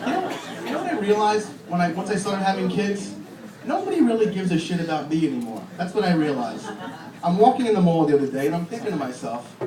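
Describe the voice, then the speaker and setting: A man in his thirties doing a stand-up comedy set in a comedy club, with deadpan delivery and crude punchlines. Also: on the high side, fairly quick, a crowd in the background. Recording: echoey club from far off. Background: audience laughter and room noise.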